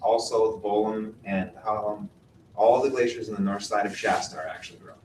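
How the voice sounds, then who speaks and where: A man's voice: fairly low pitch, fairly even intonation, brisk, darkish tone. A man giving a classroom lecture on glaciers, quizzing the class and explaining patiently. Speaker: mountaineering instructor. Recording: roomy, distant mic with faint noise.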